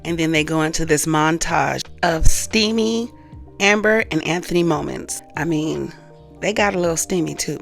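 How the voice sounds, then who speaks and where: A woman's voice: low-pitched, normal speed, vocal fry, faint music behind. A woman hosting a reaction channel, chatting casually to her viewers as she recaps a comedy skit. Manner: chatty, addresses viewers as cousins.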